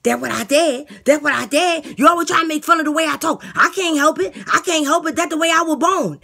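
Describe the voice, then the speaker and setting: Woman putting on a loud lisping boastful inmate. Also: sits high, a little fast, vocal fry, pitched above the performer's own voice, heavily acted. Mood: defensive. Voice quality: lisp. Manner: loud, insistent, defensive. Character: delusional boastful male inmate blogger. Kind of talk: comedy skit character voice.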